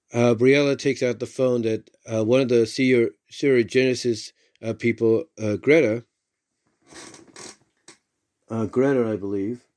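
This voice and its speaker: A man talking through a story recap in a loose, unscripted way. His voice sits at a middle pitch for a man, and he keeps tripping over himself, backing up and filling the gaps with the same stock phrases. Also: darkish tone. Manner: rambling, many fillers and restarts, repeats "if you will".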